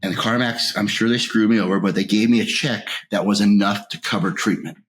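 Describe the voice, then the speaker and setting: A low-pitched man recounts his past frankly and with feeling. His voice swells loud when anger flares and falls almost to a whisper at the darkest moments. A faint hum sits behind him. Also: brisk. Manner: raw, emotional storytelling, voice rising when reliving anger. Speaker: interview guest. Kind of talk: candid recovery story.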